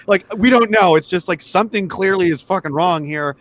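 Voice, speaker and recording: A man's voice: high-pitched, brisk, a bit bright, slight background noise. A man chatting casually on a stream, rambling, swearing a lot and laughing often. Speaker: streamer host. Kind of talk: casual profane chat.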